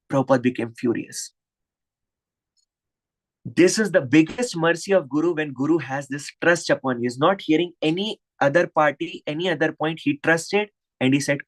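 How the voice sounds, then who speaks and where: A man's voice: fairly high pitch, moderate pace, poor audio. A man with an Indian English accent giving a devotional lecture over an online video call, impassioned and scolding with rhetorical questions. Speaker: spiritual teacher.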